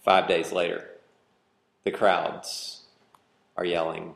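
Animated preacher man in a roomy hall. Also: medium pitch, normal speed. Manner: animated, questions the congregation, swings from loud to hushed. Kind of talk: interactive sermon.

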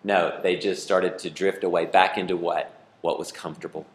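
Animated pastor preaching in a roomy hall. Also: male voice, sits low, normal speed. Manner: animated, playful asides to the congregation. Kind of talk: sermon.

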